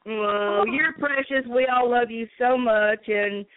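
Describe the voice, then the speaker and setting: A woman's voice: on the high side, steady tone, takes it slowly, dry recording. A woman calls in to a show and chats in an effusive, rambling way. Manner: effusive, warm-hearted, rambling. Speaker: caller. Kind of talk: casual call-in chat. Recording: tinny phone line.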